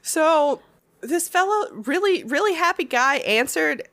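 A woman's voice: high voice, animated, unhurried, fairly bright tone, no room sound. A woman co-hosting a podcast, telling rambling, laughing stories and acting out the customers in them. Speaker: podcast co-host. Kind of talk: casual storytelling chat.

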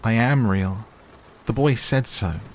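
A man's voice: fairly low pitch, slow pace, a little hiss or hum, pitched above the performer's own voice. A man voicing a timid little male toy rabbit in a storybook, wistful and pleading. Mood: insistent.

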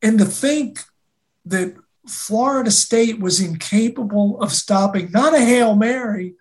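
A college football co-host talking in a deliberate, halting way, often repeating words as they start. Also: mid-range voice. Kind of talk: casual sports talk.

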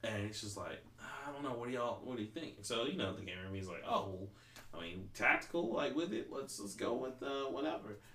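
Brief: male podcast host, loose and profane, filler-heavy storytelling, mid pitch, roomy echo. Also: animated, brisk, pushed and bright. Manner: rambling, profane, heavy use of "like". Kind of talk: casual chat.

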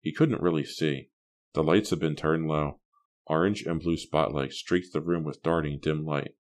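Very deep-voiced male audiobook narrator. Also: fairly even intonation, moderate pace. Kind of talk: scripted narration.

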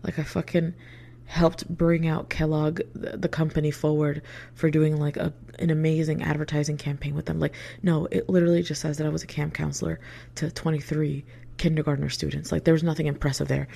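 A young woman telling a story from her past in casual storytime style. She swears freely, uses lots of filler words, and drops into hushed whispered asides. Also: low-pitched, little pitch movement, fairly quick, vocal fry. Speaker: vlogger.

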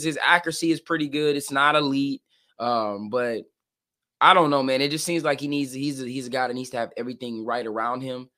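A man co-hosts a casual sports talk show with a blunt, emphatic delivery, stumbling over repeated words as he pushes his opinions. His voice is bright and forceful at a middle pitch. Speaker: co-host. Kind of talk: casual sports podcast discussion.

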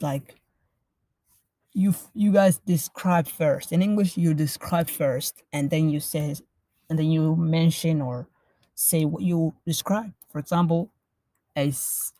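A woman's voice: deep voice, steady tone, measured pace, dark tone, no echo. A woman teaching a language lesson, explaining patiently and repeating phrases in both languages.

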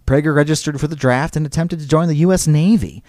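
A man's voice: a little high, quick pace, a little mellow, no echo, studio quality. A man hosting a podcast, telling a history story in a casual, digressive way and reading quotes aloud. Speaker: podcast host.

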